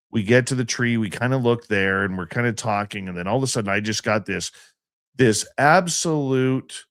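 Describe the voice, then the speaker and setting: A man recounting an outdoor encounter in a radio interview, telling it in a slow, deliberate way. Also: mid-range voice, fairly bright tone, no echo, studio quality. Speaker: guest recounting a field expedition.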